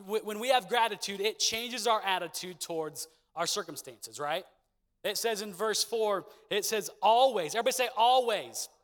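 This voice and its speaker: A man's voice: high-pitched, a bit bright. A young man preaching a sermon in a church and calling for responses from the congregation. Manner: preaching with call-and-response, repeated catchphrases. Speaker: pastor. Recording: long echo of a big hall.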